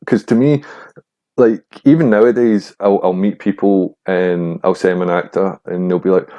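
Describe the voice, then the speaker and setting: A man's voice: low voice, fairly even intonation, moderate pace, mellow. Laid-back young man telling a story. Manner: candid, swears freely, frank self-deprecating storytelling. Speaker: podcast host. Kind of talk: casual storytelling monologue.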